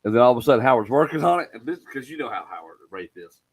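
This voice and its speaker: A middle-aged man, hosting a casual chat and telling stories in an animated way, swearing freely. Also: mid-range voice, racing, breathy edge, dry recording, poor audio. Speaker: podcast host.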